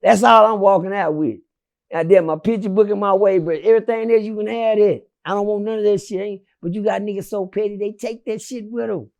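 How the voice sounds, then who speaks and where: High, gravelly-voiced storyteller man. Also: fairly even intonation, a little fast. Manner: swinging from loud shouts to low murmurs, profane. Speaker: interview guest. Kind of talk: animated storytelling.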